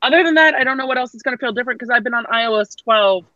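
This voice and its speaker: A woman's voice: on the high side, very fast, sharp tone, no echo, lo-fi sound. A woman co-hosting a tech live stream, chatting casually and enthusiastically, teasing the others. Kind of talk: casual chat.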